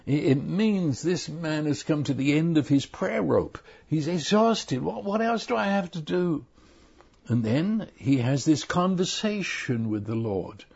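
An older man preaching a sermon, earnest and halting, often repeating his words as he goes. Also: on the high side, lively intonation, vocal fry, darkish tone, husky. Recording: dull lo-fi recording.

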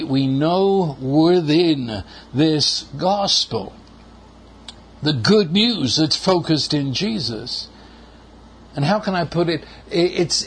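An older man preaches a sermon in a slow, deliberate way, leaning hard on repeated words. His voice sits fairly high and carries a gravelly, husky edge.

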